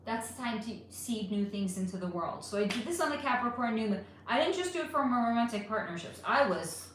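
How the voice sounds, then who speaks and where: A woman's voice: a little high, animated, a little fast, a bit bright. A woman hosting a casual live stream, reading chat questions aloud and answering them frankly, with some swearing. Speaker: livestream host reading chat. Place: home room. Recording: roomy echo with faint ambient noise.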